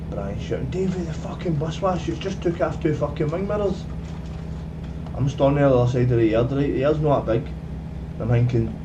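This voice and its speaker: A man gaming on a live stream, telling a rambling story, swearing and calling everyone "mate". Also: medium pitch. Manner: rambling, swears often, says "mate" constantly. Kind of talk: casual storytelling while streaming. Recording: dull lo-fi, off-mic, noisy.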